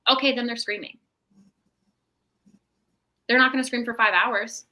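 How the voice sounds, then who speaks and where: A woman's voice: a little high, fairly even intonation, a little slow, pushed and bright, rough recording. A woman, a mental health professional, giving parenting advice in a casual podcast chat, often checking in with "right?". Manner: explanatory, tags statements with "right?".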